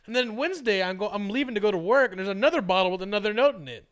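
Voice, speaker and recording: Young male podcast co-host, rowdy storyteller, slightly high voice. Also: very fast. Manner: animated storytelling, swearing, laughing often. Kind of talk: casual podcast banter.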